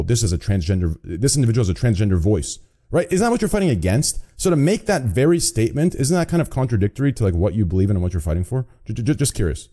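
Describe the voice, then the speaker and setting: A man's voice: mid-range voice, dark tone. A male podcast host arguing casually, stammering and posing rhetorical questions. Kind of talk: casual debate.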